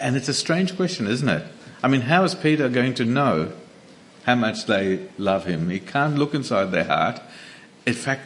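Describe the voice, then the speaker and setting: With a fairly bright, mid-pitched voice, a man preaches in a relaxed, chatty way, frequently restarting sentences and using fillers while developing his point. When he reads scripture, his pace slows.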